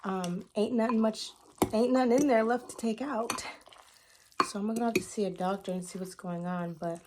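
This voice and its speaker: A mukbang vlogger chats casually to her viewers while eating on camera, drawing out her words between bites. Her ear is clogged, so her hearing is a little off. Her voice is mid-range and moderately paced, with background noise present.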